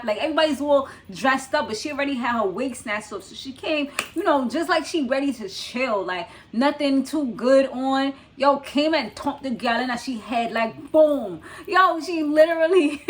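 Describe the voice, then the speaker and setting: Woman, young adult, slightly high voice, chatty vlog recap, lots of fillers, laughs a lot. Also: a bit bright. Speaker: YouTube reality-show recap host. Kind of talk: casual recap commentary.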